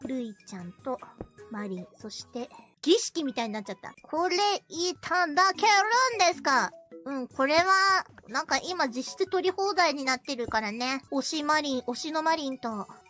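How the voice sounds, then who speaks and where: A woman's voice: sits high, expressive, quick pace, pushed and bright, faint music behind. A woman streamer talking casually to herself while playing a game.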